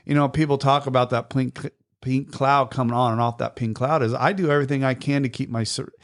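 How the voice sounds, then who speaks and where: A man's voice: mid-range voice, brisk. A man hosting a podcast, telling his story in casual chat. He talks bluntly, swears freely and gets emotional. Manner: blunt and profane, animated storytelling. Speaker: podcast host in recovery.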